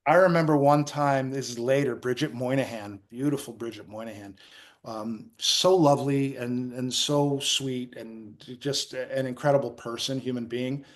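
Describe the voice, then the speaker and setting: A middle-aged man from New Jersey, USA, appears as a guest in a casual interview, telling animated anecdotes and acting out quotes while often restarting his sentences. He has a medium pitch and speaks at normal speed.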